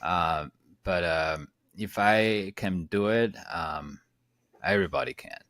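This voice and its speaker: A man with a Chinese accent, an upbeat interview guest who laughs often and pauses with fillers. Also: deep voice, a bit bright, no echo, clean studio sound. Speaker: guest, land investor. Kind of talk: casual interview chat. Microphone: plugged-in setup.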